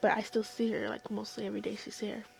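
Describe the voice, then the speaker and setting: A young woman telling a long, emotional story in a casual vlog, rambling and often sinking into soft whispers. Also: medium pitch, flat delivery, fast, gravelly. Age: young adult. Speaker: vlogger.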